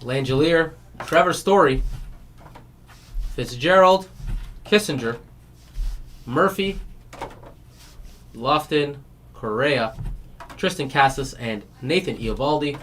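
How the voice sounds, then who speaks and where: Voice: medium pitch, slow, pauses often, a bit bright, slight background noise. Chatty card break host. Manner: chatty and rambling, then rattles off player names; laughs at its own stories. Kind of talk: casual chat while opening card packs on a stream.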